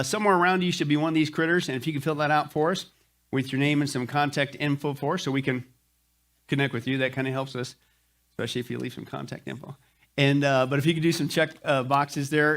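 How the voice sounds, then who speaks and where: A man's voice: on the high side, fairly even intonation, quick pace, fairly bright tone. A middle-aged male pastor giving jokey, folksy church announcements to his congregation, with lots of "uh" fillers. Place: church sanctuary.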